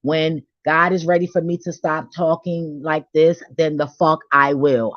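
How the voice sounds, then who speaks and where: A woman's voice: deep voice, little pitch movement, normal speed, hardly any pauses, no echo, lo-fi sound. Blunt, profane woman ranting about faith. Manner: blunt, profane, preachy, confrontational. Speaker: vlogger. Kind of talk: ranting spiritual monologue.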